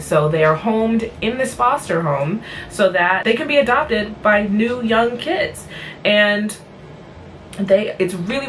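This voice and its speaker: Reviewing cartoon episodes for her vlog, a worn-out woman gives a loose, rambling recap, blunt and talkative. Her pitch is medium and her tone fairly bright. The recording has a slightly distant mic and a faint hiss.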